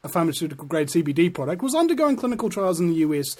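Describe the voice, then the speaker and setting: A man's voice: a little high, very animated, rapid-fire, darkish tone. A middle-aged man hosting a podcast, giving sarcastic, impassioned commentary and laughing at his own jokes. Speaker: podcast host. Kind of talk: ranting commentary.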